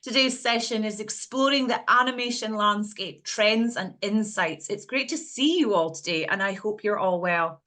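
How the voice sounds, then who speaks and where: Bright-voiced woman reading a welcome. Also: medium pitch, moderate pace, hardly any pauses. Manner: formal, reading from a script. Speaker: session presenter. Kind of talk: scripted welcome introduction.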